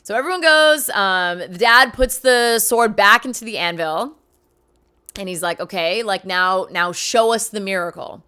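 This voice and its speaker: A woman casually retelling a film's plot as a reviewer, chatty and enthusiastic, tossing in quick character quotes. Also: medium pitch, sharp tone, clean tone. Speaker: movie reviewer.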